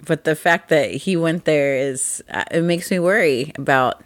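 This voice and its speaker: A woman co-hosting a casual podcast, her voice husky and sitting on the lower side. She chats and rambles, laughing often between thoughts. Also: measured pace. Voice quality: husky morning voice. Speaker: podcast co-host. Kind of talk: casual chat.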